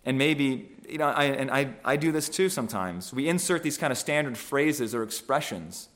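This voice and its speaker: A man giving a conversational sermon on a scripture passage, thoughtful and halting, often restarting phrases and checking in with "right?". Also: mid-range voice, animated, a bit bright. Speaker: preacher.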